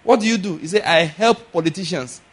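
Animated male preacher. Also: sits high, brisk, breathy edge. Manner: animated storytelling, rising to loud exclaims. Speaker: pastor. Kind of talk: sermon.

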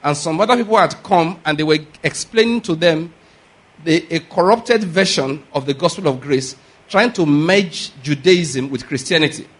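Middle-aged male pastor, slightly high voice, emphatic sermon delivery. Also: moderate pace, a bit bright. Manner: earnest, emphatic, repeats points and checks with listeners.

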